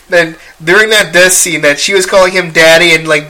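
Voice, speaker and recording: Young male movie reviewer with a strikingly bright voice, loose and foul-mouthed, full of ums. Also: on the high side, steady tone, fairly quick, hardly any pauses. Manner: profane, rambling with many fillers. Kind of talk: casual spoken review.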